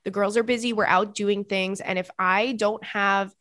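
A young woman hosting a podcast in casual chat, animated and prone to high, squealing laughter, recorded close on a microphone. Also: normal speed, no room sound. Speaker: podcast host.

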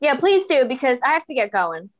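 A woman co-hosting a casual gossip chat, reacting quickly and teasing her co-host. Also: sits high, very animated. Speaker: podcast co-host.

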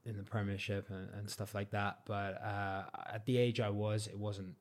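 A young man from Cornwall with a general English accent and a fairly low voice talks casually as a guest. He sounds relaxed and modest and leans on fillers like "you know" as he tells his stories. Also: normal speed. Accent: English, not Cornish. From Cornwall, England. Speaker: guest, freestyle football champion. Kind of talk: casual interview chat.

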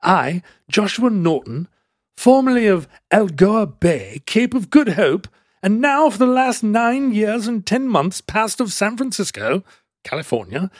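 A man's voice: sits high, animated, fast talker, few pauses, a little mellow, no echo, studio quality. A man voicing a grandiose self-declared emperor who reads out a formal proclamation in a vague, made-up accent. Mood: pompous, proclaiming. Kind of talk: comic reading in a put-on voice.

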